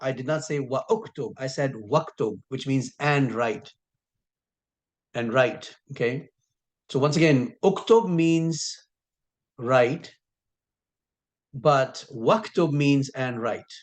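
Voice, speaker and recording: A man teaching a recorded lesson who patiently repeats key sounds and draws words out slowly for emphasis. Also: mid-range voice. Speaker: Arabic teacher.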